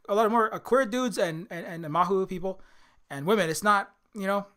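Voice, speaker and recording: Male host from Hawaii, casual rambling commentary; high-pitched, bright tone. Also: animated, fast talker. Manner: rambling, many restarts and fillers. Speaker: channel host.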